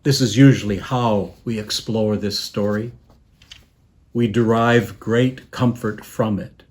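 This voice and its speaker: A man, a bishop, preaching a sermon in a measured, reflective way, pausing often and letting phrases trail off softly. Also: lowish voice, fairly even intonation.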